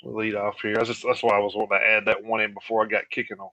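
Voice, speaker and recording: A man co-hosting a casual live radio show, reading out a list with many pauses and fillers. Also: fairly low pitch, level tone, sharp tone, highs cut off. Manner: halting, filler-heavy reading of lists.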